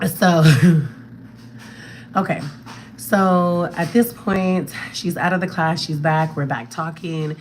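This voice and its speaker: A woman's voice: on the low side, fairly even intonation, slow, slight background noise. A woman hosting a casual livestream from her home, talking straight to her viewers on a phone held at arm's length, sometimes dropping to a whisper. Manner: chatty, talks straight to viewers, often drops to a whisper. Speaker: livestream host. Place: home, walking through rooms.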